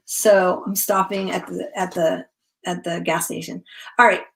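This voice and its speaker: A woman's voice: on the low side, flat delivery, measured pace, creaky. A middle-aged woman from Connecticut chatting casually and rambling through memories while she works on a craft journal during a livestream. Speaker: craft vlogger.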